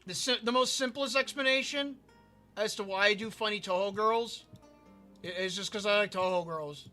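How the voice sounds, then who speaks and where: A man's voice: high voice, normal speed, bright, forceful tone, soft background music. A man streaming a building game and telling a rambling story, often repeating himself and tripping over his words. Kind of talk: casual storytelling while gaming.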